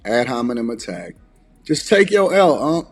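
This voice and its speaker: A man's voice: medium pitch, big pitch swings, normal speed, faint music behind. A man co-hosting a podcast, reacting in casual commentary with a mocking, slangy, teasing manner. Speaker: podcast co-host.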